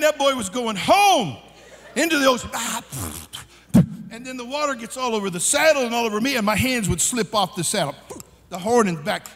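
A man preaching at a youth conference, telling a comic story with shouts and laughs. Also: extremely high pitch, lively intonation, brisk. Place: large conference hall. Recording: long hall reverb.

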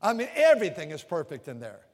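An older male preacher giving a sermon, animated and repetitive, swinging from loud outbursts to hushed confessions. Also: fairly high pitch, quick pace. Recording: long reverb of a large hall.

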